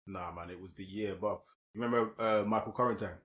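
Echoey London podcast host. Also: male voice, fairly low pitch, quick pace, a bit bright. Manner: easygoing, teasing, steers the questions. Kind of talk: casual podcast interview.

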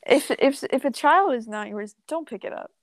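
A young woman with a high voice trades teasing, profane banter in a casual chat. The recording is dry, with no room echo. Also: expressive, moderate pace. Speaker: podcast co-host.

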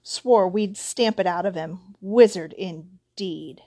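A furious middle-aged uncle speaks in slow, clipped, stern words, voiced by a woman reading a storybook. He sounds rigid and contemptuous. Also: fairly low pitch, warm tone.

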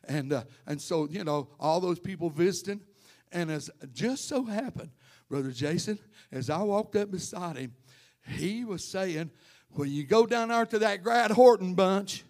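A male pastor with a voice on the high side preaches to his church congregation. He shares stories and names members directly, then climbs into loud, fervent preaching.

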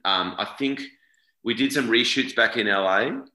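A man's voice: mid-range voice, normal speed, sharp tone, echoey room, poor audio. A man in his forties with an Australian accent, chatting loosely as an actor being interviewed, often repeating and correcting himself. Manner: rambling, self-correcting, repeats words. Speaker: actor guest. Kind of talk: casual interview chat.

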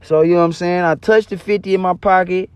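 Young guy telling a wild story, lots of cussing and slang, voice a little on the high side. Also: quick pace, clear, resonant tone, dry recording. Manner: profane, animated, slangy. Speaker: storyteller vlogger. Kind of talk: casual spoken storytelling.

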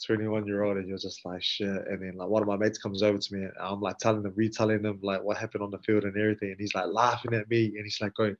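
A man with a New Zealand accent, a rugby player and podcast guest telling stories in a relaxed, slangy way that acts out the dialogue. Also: fairly low pitch, quick pace. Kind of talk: casual storytelling. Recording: dull lo-fi sound.

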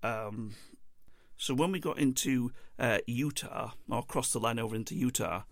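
A man's voice: mid-range voice, moderate pace, gravelly, no room sound, studio quality. A man telling a travel story in a casual, meandering monologue, chuckling and interrupting himself as he goes.

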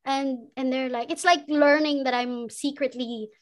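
A woman's voice: sits high, steady tone, unhurried. A woman from the Philippines, speaking as a podcast guest in a candid, profane way and laughing often. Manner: frank and profane, laughs often, switches between English and Tagalog. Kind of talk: candid conversational interview.

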